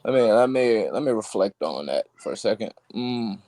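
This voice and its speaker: A man talking as a musician guest in a casual interview, loose and halting, with lots of fillers and "you feel me" tags. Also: lowish voice, animated, dark tone.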